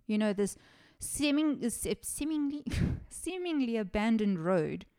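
A woman's voice: on the high side, sing-song, takes it slowly, warm tone, clear, resonant tone. A woman, hosting a podcast and telling a true-crime story in a casual, chatty way, swearing often and laughing at her own sarcastic asides. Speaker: podcast host.

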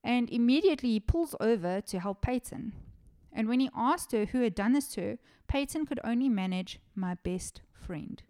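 A woman's voice: on the high side, animated, a little fast, mellow. A woman, hosting a podcast and telling a true-crime story in a casual, chatty way, swearing often and laughing at her own sarcastic asides. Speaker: podcast host.

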